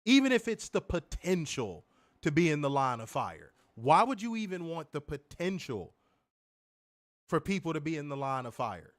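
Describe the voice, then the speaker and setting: A man's voice: a little high, sing-song, normal speed. A man co-hosting a wrestling podcast, ranting heatedly with plenty of profanity in a casual, fired-up way.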